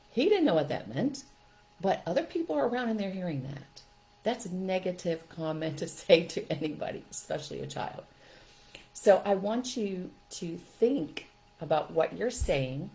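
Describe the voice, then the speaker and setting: Older female host, warm low voice, emphatic storyteller talking casually to listeners. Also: vocal fry. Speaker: parenting show host.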